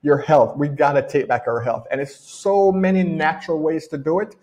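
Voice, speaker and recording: A man's voice: fairly high pitch, fairly even intonation, normal speed, a little mellow. A middle-aged man with a Jamaican accent gives a casual motivational talk as a personal development coach, repeating his key phrases for emphasis. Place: home in rainy weather.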